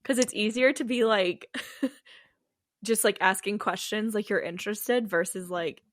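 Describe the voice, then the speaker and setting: A young woman co-hosting a podcast in casual chat, thoughtful and halting, full of fillers. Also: medium pitch, no echo, clean studio sound. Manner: thoughtful, halting, many likes. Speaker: podcast co-host.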